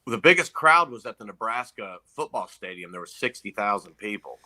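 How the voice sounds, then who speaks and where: A man telling a story in casual chat, animated, acting out quoted people. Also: brisk. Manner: animated storyteller, acts out quotes in loud high voices. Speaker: comedian guest.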